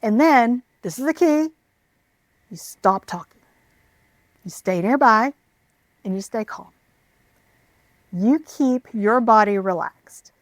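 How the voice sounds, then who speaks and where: Calm woman giving parenting advice. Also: fairly high pitch, no echo. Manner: calm, measured, reassuring delivery. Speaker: parenting educator.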